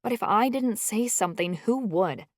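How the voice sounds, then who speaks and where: A woman narrating a first-person audiobook in an even, measured storytelling manner. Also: mid-range voice, dry recording, clean studio sound.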